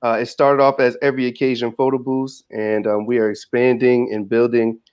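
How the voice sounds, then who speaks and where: A man's voice: mid-range voice, little pitch movement, a little fast, a little mellow, smooth. A man co-hosting a casual podcast, playful and joking as he plugs his own business. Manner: playful and joking, brags with a laugh. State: out of breath. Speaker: podcast co-host.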